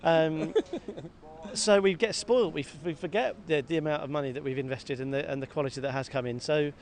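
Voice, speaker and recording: A man co-hosting a football podcast, talking in a lively, self-mocking way and often repeating words. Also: a little high, fairly quick. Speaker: podcast co-host. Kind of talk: casual football chat. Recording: faint background noise.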